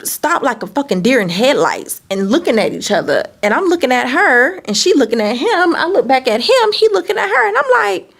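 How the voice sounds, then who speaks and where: A woman telling a candid, animated personal story in a vlog, swearing freely. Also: high voice, brisk, creaky, breathy edge. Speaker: business owner and vlogger.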